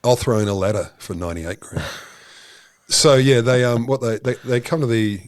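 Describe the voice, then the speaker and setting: An Australian man co-hosting a science podcast, telling stories in an animated, sardonic way with swearing. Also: medium pitch, normal speed, dry recording, studio quality. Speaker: podcast co-host. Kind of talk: casual comedic science chat.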